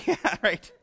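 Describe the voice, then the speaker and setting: A man with a Canadian accent preaching a conversational sermon, chatty and joking with his congregation, trailing into asides and restarts. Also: a bit bright. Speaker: pastor.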